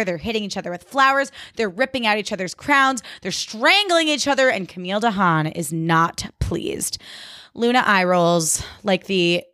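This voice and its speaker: A woman's voice: medium pitch, a bit bright, no room sound. Chatty woman podcaster, dry close sound. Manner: chatty, swears freely, lots of "like". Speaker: podcast host. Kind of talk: casual TV episode recap.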